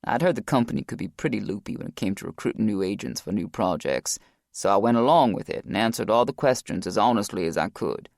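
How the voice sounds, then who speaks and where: A man voicing a grieving former Navy SEAL, deep and gravelly, telling his past in a low, weary way. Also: expressive, fast talker, darkish tone, dry recording, clean studio sound. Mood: guarded, weary.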